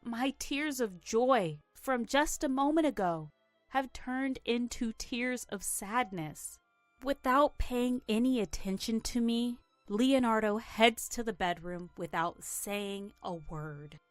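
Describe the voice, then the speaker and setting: Woman, first-person story narration, earnest, slow, dry close sound, soft music behind. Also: on the high side, no echo. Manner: earnest, emotional, measured storytelling.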